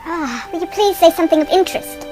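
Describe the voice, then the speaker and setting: A woman's voice: extremely high pitch, animated, fast, music in the background. A woman playing a vain, impatient male Roman emperor who speaks in a haughty, commanding way.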